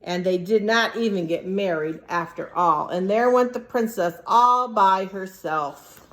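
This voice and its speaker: A teacher reading a picture book aloud to young children, animated and stopping to ask them questions. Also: female voice, medium pitch, measured pace. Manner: animated, asks the listeners questions.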